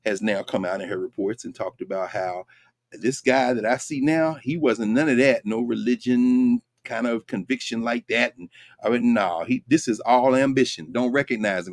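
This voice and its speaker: A man hosts a lecture-style commentary show, his medium-pitched voice lively in intonation and normal in speed. He speaks emphatically and conversationally, posing rhetorical questions to listeners, in clean studio sound with no room echo.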